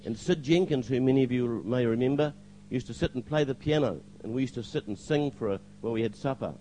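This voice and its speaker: A man's voice: mid-range voice, fast, warm tone, slight background noise, poor audio. An older man giving a spoken testimony to a church congregation, hesitant with fillers, now and then acting out the lines he quotes.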